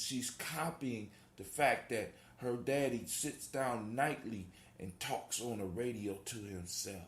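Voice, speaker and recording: A man's voice: medium pitch, echoey room. A man hosting a call-in talk show, talking in a casual, rambling and motivational way, repeating his phrases. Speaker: host.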